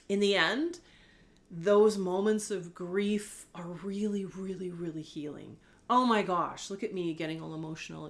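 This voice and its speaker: Middle-aged woman, heartfelt confessional host, soft and candid, prone to tears. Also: mid-range voice. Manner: gentle, candid, tearful at times, rambling with fillers. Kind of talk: heartfelt personal talk to camera.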